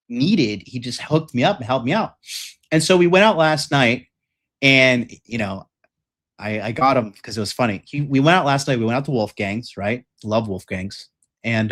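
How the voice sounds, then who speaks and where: A young man holds forth on a livestream in a blunt, profane, rambling way, stacking up fillers as he goes. His voice sits at an ordinary middle pitch. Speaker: dating coach host. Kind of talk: livestream rant.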